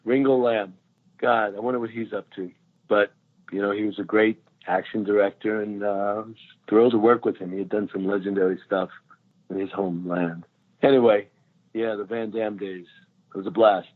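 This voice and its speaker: A man in his sixties, a guest actor, telling lively anecdotes in a casual chat and laughing often. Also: lowish voice, normal speed. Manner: animated storyteller, laughs often. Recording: tinny phone line.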